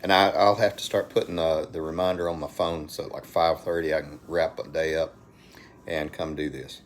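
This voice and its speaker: Middle-aged Alabama man hosting a home livestream, very low voice, folksy and rambling, faint background noise. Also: fairly even intonation, normal speed. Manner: folksy, rambling, talks to viewers by name. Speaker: livestream host. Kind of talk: casual live chat. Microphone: phone.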